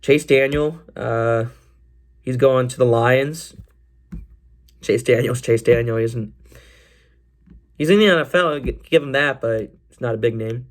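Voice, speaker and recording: A young man hosting a casual solo sports podcast, rambling and excitable, with many fillers and restarts. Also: medium pitch, unhurried, pauses often. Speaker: podcast host.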